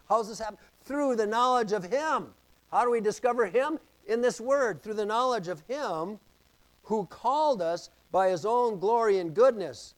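A pastor preaching a sermon, reading scripture and repeating key phrases with emphasis. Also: male voice, high-pitched, poor audio.

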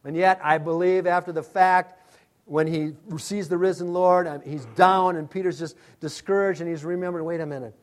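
A man preaching with a voice pitched a touch higher than most men. He swings from loud, ringing calls down to soft, hushed asides, always in the dramatic manner of a sermon. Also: fairly even intonation, moderate pace. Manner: dramatic, calls out names loudly then drops to a hush. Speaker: pastor.

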